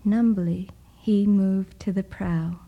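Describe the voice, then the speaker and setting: A woman reading a story aloud in a hushed voice, often dropping into a whisper. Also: mid-range voice, steady tone, slow, narrow, tinny audio. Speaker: narrator. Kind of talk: soft-spoken story reading.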